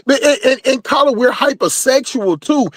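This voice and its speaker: A man's voice: extremely high pitch, normal speed, no echo, studio quality. A man co-hosting a casual talk show, speaking bluntly and repeating words as he cuts in. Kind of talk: casual chat.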